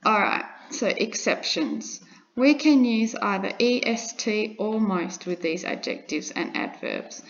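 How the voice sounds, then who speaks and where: A woman's voice: mid-range voice, gravelly, slight background noise. A woman teaching an English grammar lesson, patiently repeating examples and checking in with her students. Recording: dull lo-fi recording.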